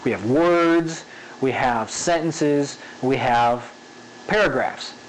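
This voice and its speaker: A man's voice: medium pitch, takes it slowly, a little hiss or hum, rough recording. A man teaching animation in a casual spoken tutorial, checking in often with "okay?" and repeating an example sentence with varied emphasis. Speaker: animation instructor.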